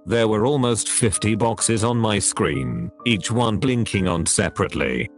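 A text-to-speech male voice narrating a horror story in a flat, even delivery. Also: lowish voice, unhurried, vocal fry, soft background music.

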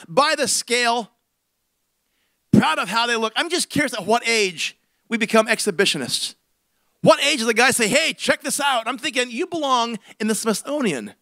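Man preaching, high bright voice, dry close sound, comic storytelling, swings loud to hushed. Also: no echo. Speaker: senior pastor. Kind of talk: storytelling sermon.

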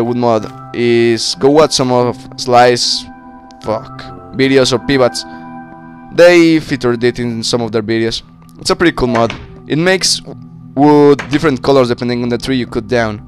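A man casually commentating his game, excitable and swearing, yelling at monsters, slightly sick with a cracking voice. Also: mid-range voice. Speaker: gaming channel host. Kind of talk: casual Minecraft let's-play commentary.

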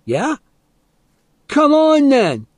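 A man voicing a reckless boy in an audiobook who shouts taunts and mockingly imitates others. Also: very high voice, a little slow, no room sound, pitched above the performer's own voice. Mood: wild defiance. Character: wild, reckless boy spoiling for a fight.

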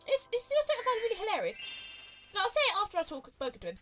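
A young woman with an exaggerated British accent giving chatty, excitable gameplay commentary as a let's play host. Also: very high voice, racing, over music.

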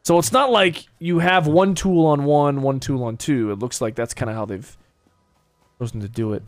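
A man's voice: mid-range voice, moderate pace, dry recording. A man streaming a game with a friend, chatting casually and patiently explaining the controls. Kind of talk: casual gaming chat.

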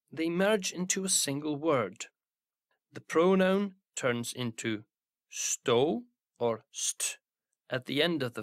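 Man, language teacher, scripted lesson, careful example phrases, lively varied pitch. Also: no echo, clean studio sound. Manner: slow, careful pronunciation examples with lively intonation.

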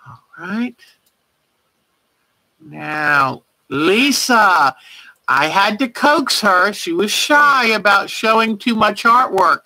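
Lady quilting host on a livestream, slow easy talk, bright voice, gushes over everything. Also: medium pitch, no room sound, low-quality recording. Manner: gushing, effusive praise; warm, chatty, addresses viewers by name. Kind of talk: casual livestream show-and-tell.

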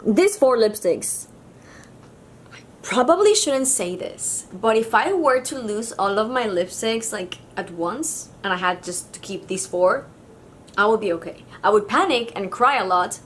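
A woman's voice: medium pitch, a little hiss or hum. A woman from Mexico with a Mexican Spanish accent, giving a chatty, gushing makeup review full of fillers. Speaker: beauty vlogger.

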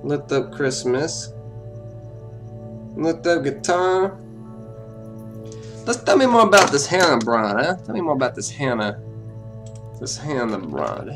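A man's voice: mid-range voice, sing-song, takes it slowly, long pauses, music in the background. A man voicing a brash, wisecracking male detective who mockingly grills a suspect during a comedic game commentary, with a put-on accent. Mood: mock-tough. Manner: mock-tough, rambling, teasing, puts on a put-on accent. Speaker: gaming YouTuber. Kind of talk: comedic let's play commentary in character.

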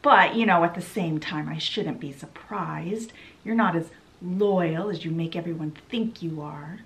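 A woman voicing a scheming female fairy rival, slow and teasing in a sly, sneering way. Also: lowish voice, fairly bright tone. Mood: sly taunting.

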